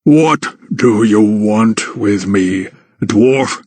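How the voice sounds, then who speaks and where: A man doing a slow, booming giant. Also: darkish tone, slightly rough, dry recording, exaggerated voice. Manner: slow and deliberate, deep booming. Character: huge slow-spoken gentle male giant.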